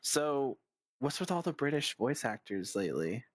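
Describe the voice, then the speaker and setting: A man's voice: medium pitch, big pitch swings, moderate pace, no echo. A man streaming a video game, chatting in a rambling, musing way as he plays. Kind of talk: casual gameplay commentary.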